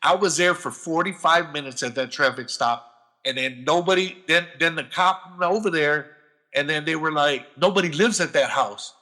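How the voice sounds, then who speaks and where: Male podcast guest, bright and fairly high voice, animated storyteller who swears freely. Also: normal speed. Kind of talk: casual profane storytelling.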